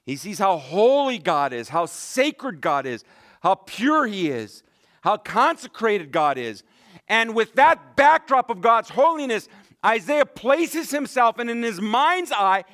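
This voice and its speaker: A male pastor preaching a sermon, swinging between loud emphatic reading and hushed low speech, with conversational asides and repeated words. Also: no echo, studio quality.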